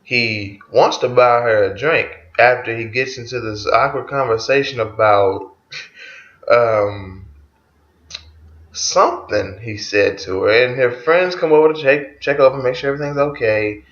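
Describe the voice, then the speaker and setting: A man's voice: medium pitch, a little slow, a bit bright. Male vlogger, mid-range voice, loose profane album-review chat; echoey room, muffled lo-fi recording. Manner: loose and profane, retelling songs track by track. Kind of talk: casual spoken album review.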